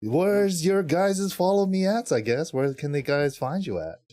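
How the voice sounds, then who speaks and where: A man hosting a casual gaming podcast, loose and excitable, swearing and laughing as he talks. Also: on the high side, measured pace, no echo. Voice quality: animated, swears and laughs a lot. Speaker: podcast host.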